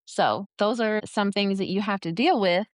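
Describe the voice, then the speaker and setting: A woman from New York speaks at a middle pitch, venting bluntly and sarcastically on a casual podcast. She swears freely. Her voice is dry and close to the mic. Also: moderate pace, dry recording. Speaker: podcast co-host. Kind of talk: candid casual chat.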